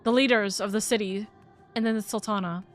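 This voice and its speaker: A woman's voice: medium pitch, fairly even intonation, brisk, faint music behind. A young woman streamer chatting casually while playing a game; she swears a lot and her voice jumps up when she gets upset. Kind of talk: casual gameplay chat.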